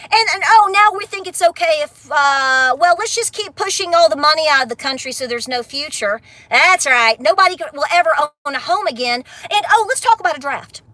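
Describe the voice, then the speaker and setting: A woman's voice: high voice, expressive, a little fast, hardly any pauses, pushed and bright, no room sound. A middle-aged woman, ranting bluntly on a casual livestream, then laughing and affectionate with her viewers. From Appalachia. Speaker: homestead vlogger.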